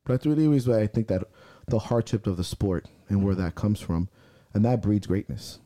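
A man's voice: on the low side, expressive, moderate pace, dry recording, studio quality. A man telling a personal story in a casual podcast conversation, intense and profane, acting out the angry things he said to himself. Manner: intense, profane storytelling, acting out his own shouted self-talk. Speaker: strongman athlete and podcast guest.

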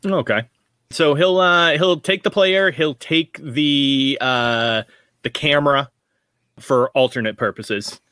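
Dude with a bright edgy voice playing a tabletop game, thinking out loud, dry mic. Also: male voice, medium pitch, takes it slowly, clean tone, dry recording. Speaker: player.

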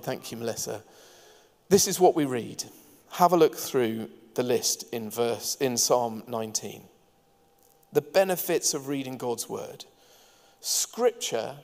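In a church hall, a pastor preaches a sermon earnestly and engagingly, dropping light asides to the congregation. His medium-pitched voice has a darkish tone, and the recording carries long hall reverb.

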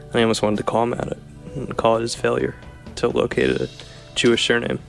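Gravelly young man with New Jersey accent. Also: mid-range voice, flat delivery, quick pace, soft background music. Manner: rambling, dry humor, trails off. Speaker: guest. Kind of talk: casual chat with a friend.

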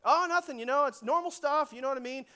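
A sly, teasing youth pastor, as a preacher puts him on. He reassures his campers in a high, playful voice while hiding a prank. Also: quick pace, pushed and bright. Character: teasing middle-aged male youth pastor, playful trickster.

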